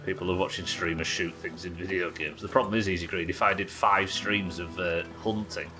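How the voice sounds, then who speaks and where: A man's voice: low voice, fairly even intonation, a little fast, over music. A man chatting loosely while streaming a survival game, rambling, swearing and joking at his own expense. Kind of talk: casual gameplay commentary.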